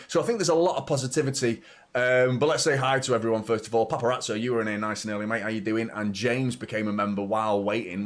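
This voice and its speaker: Chatty man hosting a live stream. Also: medium pitch. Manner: chatty, reads out viewer comments, stumbles and repeats words. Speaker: football channel host. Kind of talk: live stream watchalong chat.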